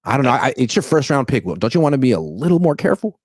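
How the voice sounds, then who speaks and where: A man hosting a casual sports talk show, animated and mocking. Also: racing, no echo, studio quality. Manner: animated, mocks others in exaggerated high voices. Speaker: podcast host.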